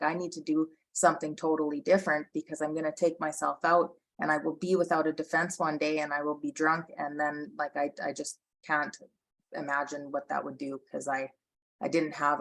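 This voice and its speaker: A woman's voice: low-pitched, gravelly, fairly bright tone, low-quality recording. A woman co-hosting a recovery podcast, telling her own story earnestly in casual talk with many fillers and restarts. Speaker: podcast co-host. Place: Medicine Hat, Canada, as origin of story not origin.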